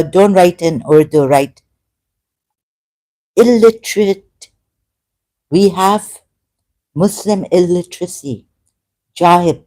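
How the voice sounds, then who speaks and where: A woman streamer talks through her chat, scolding and complaining in a halting way, full of "uh" and "um". Her voice sits a little low and has a mellow, warm tone. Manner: halting, many fillers, indignant. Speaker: YouTuber. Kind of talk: live-stream commentary reading chat.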